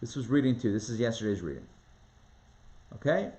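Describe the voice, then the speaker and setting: A man teaching a live Torah class, reading scripture aloud and acting out the voices in an animated, conversational way. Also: mid-range voice. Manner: animated, dramatizes the text with rising voice and quick asides. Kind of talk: lively live online Torah lesson.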